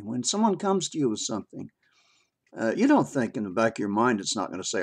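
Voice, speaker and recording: Sharing his views in a homespun video, this older man speaks in a low, slightly breathy voice with lively intonation. He hesitates often, catching on filler words and starting sentences over, and lets out an occasional chuckle.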